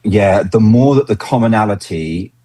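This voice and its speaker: Husky deep-voiced man, dry sound. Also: moderate pace, no echo. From Britain. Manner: enthusiastic, animated when acting out quotes. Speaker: engagement consultant, podcast guest. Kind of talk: casual conversational interview.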